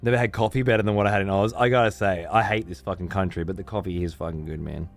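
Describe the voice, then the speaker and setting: A man's voice: deep voice, fairly even intonation, racing, vocal fry, soft background music. A man streaming a game, chatting casually in a rambling, heavily profane way.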